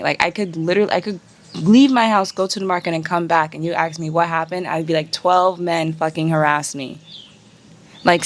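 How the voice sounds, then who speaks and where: Indignant woman vlogger. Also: deep voice. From United States. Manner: animated, indignant, profane. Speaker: travel vlogger. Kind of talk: casual vlog storytelling.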